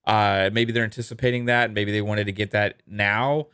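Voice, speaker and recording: A man's voice: on the low side, flat delivery, normal speed, a bit bright, smooth, no echo, studio quality. A man co-hosting a gaming podcast, chatting casually and reading out viewer messages, laid-back with lots of ums and easy laughs. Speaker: podcast co-host. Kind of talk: casual podcast chat reading super chats.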